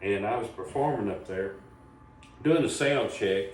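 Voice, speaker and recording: A man from Southern Appalachia in the US hosts a comedy show, telling a rambling, folksy story in casual fashion. His fairly low voice is unhurried and sounds distant in an echoey room with faint background noise.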